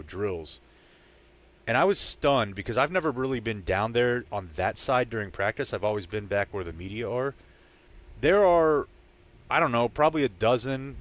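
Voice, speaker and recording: A man co-hosting a sports podcast, telling a story in a casual, animated way and shouting out what fans yelled. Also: fairly low pitch. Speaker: podcast co-host. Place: training camp site.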